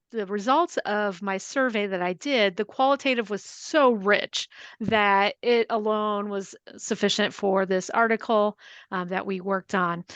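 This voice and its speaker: A woman who directs an online learning center, presenting her dissertation research to an online class in a steady, organized way. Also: mid-range voice, smooth, no room sound, lo-fi sound.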